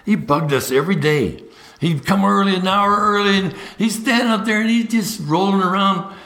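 At a moderate pace, an older man who is an evangelist guest on a podcast tells stories with real liveliness. Repeating the first word of sentences is a habit of his, as is jumping to a higher pitch to act out what other people said.

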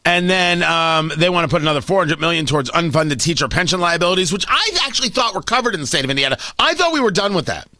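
A man's voice: a little high, animated, fast talker, hardly any pauses, bright, forceful tone, no echo. A male talk radio host giving commentary in a sarcastic, mocking, exasperated way.

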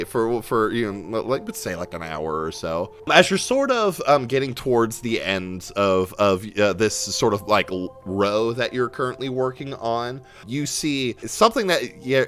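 A young man narrating a tabletop game as game master, animated and full of fillers and restarts. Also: mid-range voice.

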